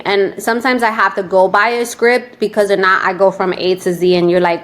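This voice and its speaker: A woman from New York with a New York accent, a guest telling stories in a casual, animated interview chat. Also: medium pitch, a little fast, hardly any pauses. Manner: animated, lively storytelling with playful quoted voices. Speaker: guest, real estate agent.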